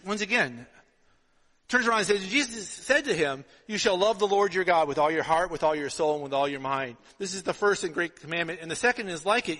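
A middle-aged man preaching a sermon as pastor, telling stories and acting out the dialogue with lively energy. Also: a little high. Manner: storytelling, animated with acted-out dialogue. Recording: long reverb of a hall.

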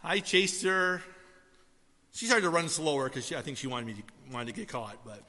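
A male pastor, preaching a sermon in a relaxed, storytelling way with asides to the congregation. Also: on the high side, moderate pace. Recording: long hall reverb.

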